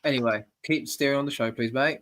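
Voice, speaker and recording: A man co-hosts a live podcast in a blunt, laid-back way. His pitch sits mid-range, and his banter is relaxed and matter-of-fact. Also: quick pace. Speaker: podcast co-host. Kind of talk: casual live podcast chat.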